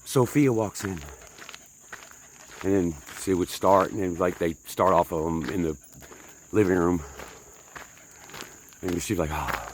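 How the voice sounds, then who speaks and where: Breathless low-voiced man vlogging on a hike. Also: fairly even intonation, a little slow, pauses often, a little hiss or hum. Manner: chatty, self-mocking, talks to viewers as folks. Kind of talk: rambling hiking vlog. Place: outdoor hiking trail.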